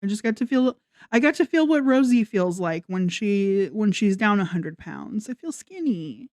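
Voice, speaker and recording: A woman's voice: medium pitch, moderate pace, a little mellow, dry recording, clean studio sound. A woman ranting in a casual commentary vlog, sarcastic and mocking, swearing often. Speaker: commentary vlogger.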